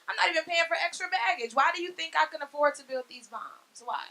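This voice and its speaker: A woman in her thirties doing a stand-up comedy set on a club stage, brash and profane with loud punchlines. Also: sits high, expressive, a little fast. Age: 30s. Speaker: stand-up comic.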